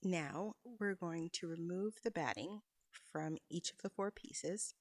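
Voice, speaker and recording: Craft tutor, woman, low-ish pitch, dry close sound, patient step-by-step instructions with casual asides. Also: a little slow, dry recording, rough recording. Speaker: quilting instructor. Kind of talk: sewing tutorial voice-over.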